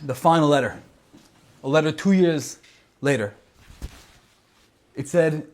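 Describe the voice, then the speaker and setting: A man's voice: on the high side, measured pace, pauses often. A man telling a story in a sermon, earnest and emphatic, repeating words for weight. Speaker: speaker.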